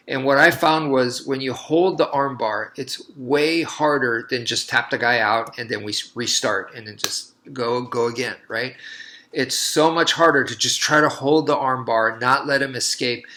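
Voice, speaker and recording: A man with a bright, forward voice at an ordinary middle pitch talks casually to the camera. He is a martial artist who rambles through a personal story and often circles back and restarts his sentences. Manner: loose and rambling, with many restarts.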